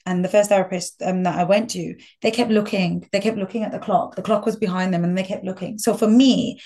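A woman's voice: medium pitch, fairly even intonation, fairly quick, warm tone. A woman psychologist, a guest on a podcast, speaking thoughtfully and affirming the host. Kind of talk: casual chat.

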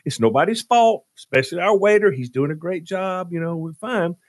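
A man's voice: high voice, brisk, no room sound, clean studio sound. A man telling a comic story on a radio show, dramatic and exasperated as he relives it. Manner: dramatic, jumps into loud exasperated retellings.

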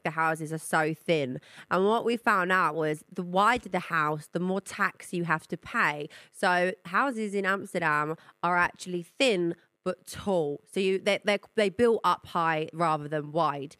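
A woman hosting a casual podcast chat, animated and acting out what people said. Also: fairly low pitch, unhurried, few pauses, dry recording, studio quality. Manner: animated, acts out quoted voices. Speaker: podcast host.

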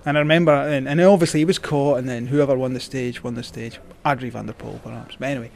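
A man's voice: medium pitch, steady tone, fast, gravelly, darkish tone, slight background noise. A Scottish man, a cycling journalist, telling stories as a guest, rambling with many fillers and restarts. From Scotland. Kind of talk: casual storytelling.

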